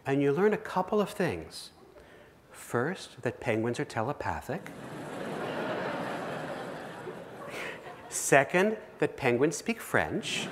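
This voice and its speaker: A man giving a keynote speech, telling a vivid second-person story to a live audience in a large auditorium. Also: medium pitch. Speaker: keynote speaker. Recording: long reverb of a big hall.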